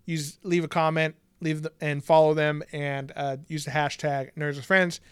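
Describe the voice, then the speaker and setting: A man's voice: on the high side, level tone, normal speed, a bit bright, clear, resonant tone, no echo. A young man co-hosting a podcast in casual chat, laid-back and jokey, laughing often. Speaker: podcast co-host.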